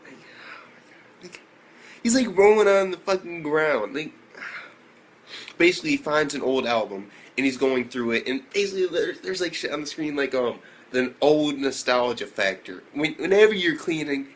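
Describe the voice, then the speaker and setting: Young man, anime reviewer, excitable, profane, bouncy rising pitch, somewhat high voice. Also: moderate pace. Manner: excitable, profane, full of fillers and loud exclamations. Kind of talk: casual video review.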